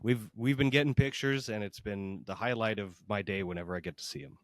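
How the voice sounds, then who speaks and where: A man's voice: lowish voice, a little fast, fairly bright tone, no echo. Man making teasing jokes with friends. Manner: dry joking, teasing asides. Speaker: podcast co-host. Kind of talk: casual chat among friends.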